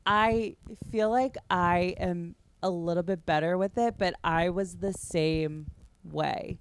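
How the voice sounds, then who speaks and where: A woman's voice: lowish voice, steady tone, slow pace. A woman hosting a podcast, chatting casually and agreeably with her guest. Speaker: podcast host. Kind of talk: casual interview chat.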